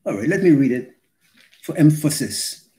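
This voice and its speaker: A man preaching a sermon, slow and deliberate, pausing between phrases and reading scripture aloud for emphasis. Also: fairly high pitch, lively intonation, mellow.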